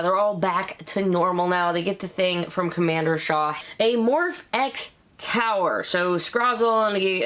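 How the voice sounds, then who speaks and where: Woman in her 30s doing a casual episode review, chatty, animated, asides all over. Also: lowish voice. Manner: chatty, animated, quick asides and mimicked quotes. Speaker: show review host.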